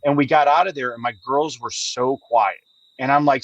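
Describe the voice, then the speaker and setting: A man's voice: medium pitch, a little fast, fairly bright tone, no room sound, highs cut off. Chatty man telling a story. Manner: chatty storyteller, laughs often. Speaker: livestream host. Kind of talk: casual chat.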